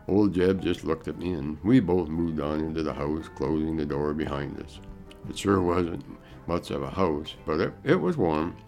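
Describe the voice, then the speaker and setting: A man's voice: extremely low pitch, animated, a little mellow, faint music behind. A man narrating a story in an easy, folksy manner. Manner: folksy, unhurried.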